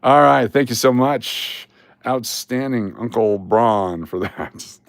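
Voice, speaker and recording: A man's voice: medium pitch, takes it slowly, dry recording, studio quality. A man hosting a casual live stream, rambling along and breaking into sudden exasperated rants.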